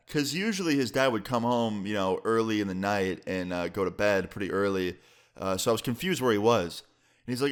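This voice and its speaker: A man's voice: fairly low pitch, fairly quick, clear, resonant tone. A young adult man casually telling a personal story, loose and filler-heavy, with some swearing. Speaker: storyteller vlogger.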